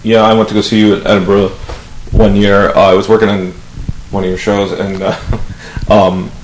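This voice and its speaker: A man hosting a podcast, telling stories in a casual, animated way, swearing and acting out what people said. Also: lowish voice, moderate pace. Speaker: podcast host. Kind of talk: casual storytelling interview. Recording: echoey room with faint noise.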